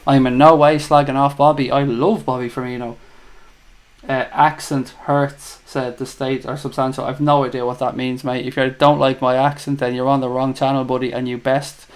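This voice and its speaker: A man's voice: medium pitch, level tone, normal speed. A man with an Irish accent hosting a live fan chat show, reading out viewer comments and bantering in a chatty, teasing way. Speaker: livestream host.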